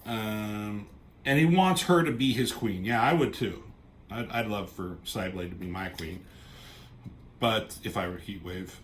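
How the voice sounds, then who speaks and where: A man's voice: fairly low pitch, unhurried, slight background noise. A man reviewing a comic book in casual, rambling chat, swearing offhandedly and trailing off into asides.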